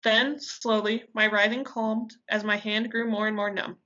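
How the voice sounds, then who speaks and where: A woman reading a dramatic story aloud with intensity, pausing now and then to correct herself. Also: medium pitch, level tone, bright, forceful tone, muffled recording. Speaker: reader. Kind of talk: amateur audiobook reading.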